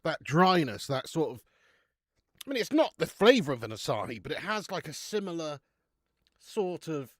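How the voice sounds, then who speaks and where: Young male streamer, casual and banter-heavy, animated delivery, dry close sound. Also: fairly high pitch, normal speed, no echo. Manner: chatty, banters with viewers, swears casually. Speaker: live-stream beer reviewer. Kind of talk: casual live-stream chat.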